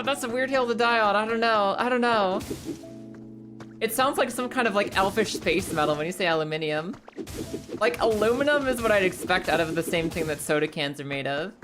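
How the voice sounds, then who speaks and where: A young woman chatting casually on a live stream, playful, swearing freely and tripping over tongue twisters. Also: mid-range voice. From United States. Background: music.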